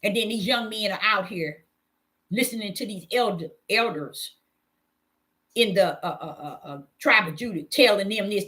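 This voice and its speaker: A woman's voice: mid-range voice, fairly bright tone. Woman preacher, impassioned and emphatic, scolding her listeners with heavy repetition. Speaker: self-styled preacher.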